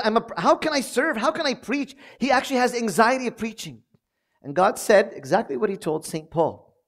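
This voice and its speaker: Animated priest preaching a sermon. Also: male voice. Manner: animated storytelling, acts out prayers with rising pitch.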